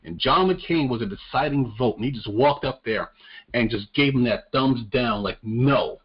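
A man's voice: mid-range voice, moderate pace, husky. A man co-hosting a casual podcast chat about the news, blunt and profane, often stammering as he restarts his sentences. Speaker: podcast co-host. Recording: muffled lo-fi audio.

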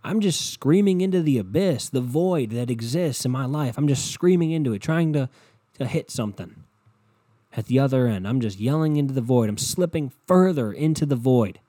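A man's voice: mid-range voice, animated, moderate pace, dark tone, no echo. A young man hosting a solo podcast from his bedroom, rambling and swearing as he builds into impassioned rants. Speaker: podcast host. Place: bedroom at home.

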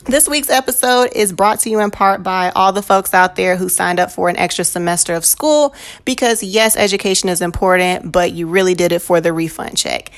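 A woman's voice: fairly low pitch, brisk. A young woman hosting her own solo podcast, talking casually with lots of slang and frequent laughter. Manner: chatty, slangy, laughs often. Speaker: podcast host.

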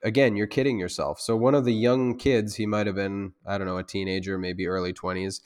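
Low-voiced self-defense instructor, rambling. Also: male voice, fairly even intonation, fairly quick, clear, resonant tone. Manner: loose, rambling talk with many restarts and fillers; gets loud and heated when making a point. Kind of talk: conversational interview.

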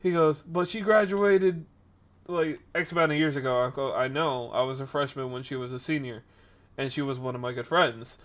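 A man's voice: medium pitch, a little fast. A man in his twenties casually telling a rambling story on a podcast stream, with lots of fillers. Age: 20s. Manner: rambling, animated retelling with frequent fillers.

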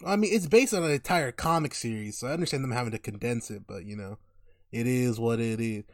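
A young man in casual movie talk, excitable, swearing and laughing through his stories. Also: mid-range voice, fast, dry recording, studio quality.

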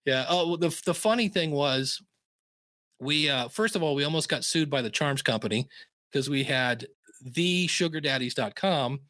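Rambling self-deprecating man, pitched a bit high. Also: expressive, normal speed, sharp tone, no room sound. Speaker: podcaster guest. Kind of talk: casual interview storytelling.

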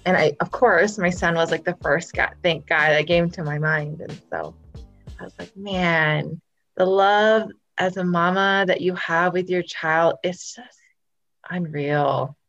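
A woman's voice: fairly low pitch, steady tone, unhurried, a bit bright, highs cut off, faint music behind. Gushing woman hosting a podcast. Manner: effusive, gushing praise. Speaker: podcast host. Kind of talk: casual live video-call chat. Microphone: video call.

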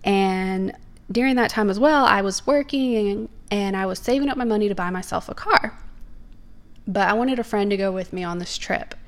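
A woman's voice: mid-range voice, normal speed. A young woman, telling personal faith stories in an earnest, emphatic way.

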